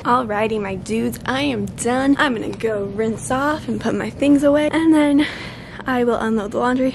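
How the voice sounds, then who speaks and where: A woman's voice: a little high, normal speed, vocal fry. A teenage girl chatting casually in a daily vlog, upbeat and full of filler words, with music behind her. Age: teens. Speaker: vlogger.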